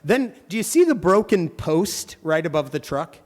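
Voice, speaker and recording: A man giving a playful, joking devotional talk to a youth audience, firing quick questions at the crowd. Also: fairly high pitch, very animated, darkish tone. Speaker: youth speaker. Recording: long hall reverb.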